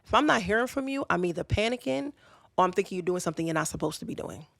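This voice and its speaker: A woman's voice: fairly low pitch, lively intonation, fast, vocal fry, dry recording, clean studio sound. A young woman podcast host casually telling a personal story, candid and chatty, speaking straight to her listeners. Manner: candid, conversational, addresses listeners directly.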